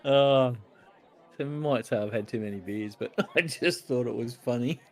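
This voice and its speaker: A man's voice: mid-range voice, moderate pace, a little mellow, some chatter behind. A man co-hosting a casual home-brewing pub chat over a video call, easygoing and laughing often. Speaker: podcast co-host.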